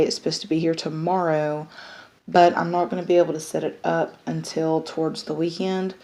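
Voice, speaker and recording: A woman chatting casually to the camera, with plenty of fillers. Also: deep voice. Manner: chatty, many fillers, excited baby talk to pets. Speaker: vlogger.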